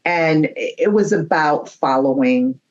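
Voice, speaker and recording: A woman's voice: deep voice, slow pace, lo-fi sound. A woman appearing as a guest medium, telling anecdotes in casual chat and acting out the dialogue as she goes. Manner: animated anecdotes, acts out dialogue.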